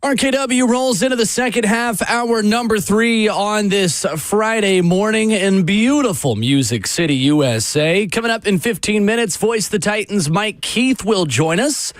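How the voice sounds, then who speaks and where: A man hosting a sports talk radio show in a studio, chatty and energetic, laughing easily with his co-host. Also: high-pitched, a little slow, few pauses, no echo. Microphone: studio microphone.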